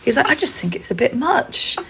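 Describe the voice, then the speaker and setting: A woman, cohosting a comedy podcast and telling stories quickly and chattily, with some swearing. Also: a little high, very animated, sharp tone, slightly rough. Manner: fast, chatty storytelling, swears. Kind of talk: casual chat.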